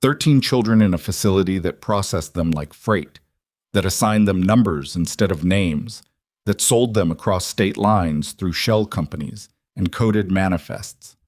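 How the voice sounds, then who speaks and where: A man reading a scripted dramatic story in a measured, somber way. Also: deep voice, a little mellow, no echo, clean studio sound. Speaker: narrator.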